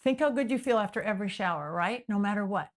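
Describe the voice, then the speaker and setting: A woman talking as a podcast guest, explaining her ideas in animated, repetitive lists and sometimes acting out the voices of imagined people. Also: medium pitch, fast talker. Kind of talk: explanatory interview talk.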